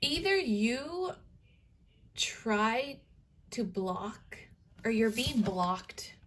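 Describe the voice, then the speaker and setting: A woman's voice: a little high, big pitch swings, drawn-out words. A young woman giving a casual tarot reading, rambling with lots of filler words and casual swearing. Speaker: tarot reader and spiritual coach.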